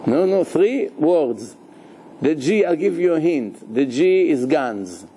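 A man, a rabbi, giving a live Torah lecture in a lively, joking way, questioning his listeners and sprinkling in Hebrew terms. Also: fairly high pitch, slow pace, a little hiss or hum.

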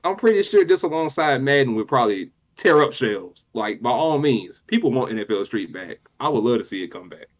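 An animated young man in casual podcast chat, slangy and nostalgic, with a mid-range voice. The audio sounds a little dull and lo-fi. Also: medium pitch, brisk, few pauses. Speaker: podcast co-host.

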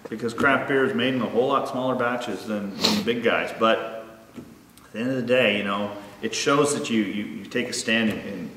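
There's a little hiss or hum as a brewery owner gives a casual interview, chatty and eager with many fillers. His voice is lowish and a bit bright at a moderate pace, captured from far off in an echoey hall inside a large unfinished building.

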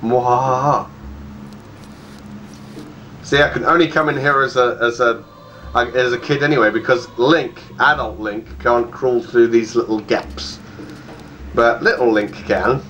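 A chatty man, mid-pitched, talking through his game and laughing at his own jokes. Faint background noise sits under his desk-mic voice-over. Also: fairly even intonation, moderate pace, fairly bright tone, muffled recording. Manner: chatty, playful, laughs often and puts on silly voices. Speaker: let's play gamer. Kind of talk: casual game commentary.

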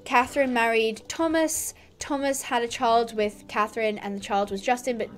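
A woman's voice: on the high side, steady tone, moderate pace. A woman chatting casually over her gameplay, rambling and reading quest lines aloud. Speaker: gaming youtuber.

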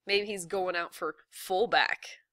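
A woman voicing an easygoing seventh-grade boy with a wry, low-key manner in a read-aloud story. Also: steady tone, takes it slowly, a bit bright, no room sound.

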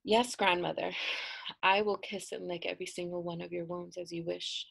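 A woman's voice: fairly low pitch, level tone, moderate pace, gravelly, breathy edge, heavily acted. A woman voicing a desperate young village girl in a told folk tale, pleading and stammering when flustered. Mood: obedient.

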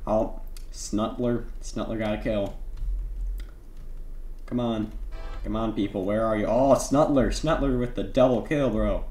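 A young man narrates his gameplay with playful, mock-stern trash talk. He speaks slowly, drawing out his words. The recording has a noticeable room echo, with keyboard typing audible behind him. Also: on the low side, fairly even intonation, a little mellow, faint music behind. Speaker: gaming YouTuber. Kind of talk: gameplay commentary.

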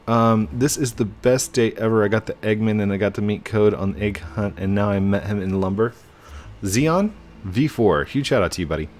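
A man in his thirties giving casual, chatty commentary while gaming, excitable and breaking into high squeals. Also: moderate pace, a little hiss or hum. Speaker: YouTuber.

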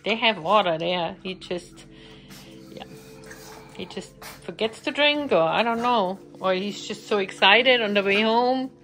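A woman's voice: mid-range voice, measured pace, fairly bright tone, faint music behind. A young woman vlogging about her pet dogs, talking casually and cooing to them in baby talk. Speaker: pet vlogger, dog owner.

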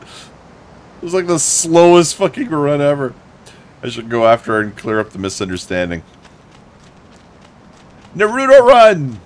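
A man's voice: mid-range voice, fairly even intonation, normal speed, pauses often. A young man giving casual, sarcastic gameplay commentary as a let's play host, swearing freely and joking at the game.

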